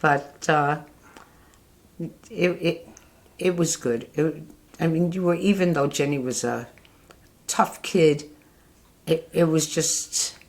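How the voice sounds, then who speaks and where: An older woman telling family memories in a fond, halting way, with frequent restarts. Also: low voice. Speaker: interviewee, mother. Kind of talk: casual family reminiscing.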